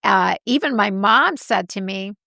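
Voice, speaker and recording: A woman co-hosting a podcast in casual chat, an animated storyteller who laughs often. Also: mid-range voice, a little slow, creaky, dry recording, studio quality. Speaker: podcast co-host.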